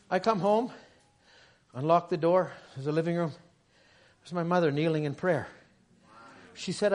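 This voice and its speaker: A middle-aged man preaching a sermon in a high voice. He stumbles and repeats himself as he starts sentences, then builds his points up into shouted lines. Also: fairly even intonation, measured pace, long pauses. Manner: stammering restarts, rising to shouts.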